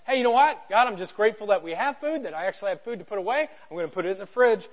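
A male pastor giving a conversational, animated church sermon and acting out quotes. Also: high-pitched, very fast, lo-fi sound.

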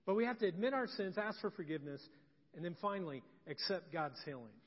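A pastor preaching a sermon, telling stories and dropping from loud to soft and intimate. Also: male voice, high-pitched, expressive, fast talker, big-room sound, highs cut off. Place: church sanctuary.

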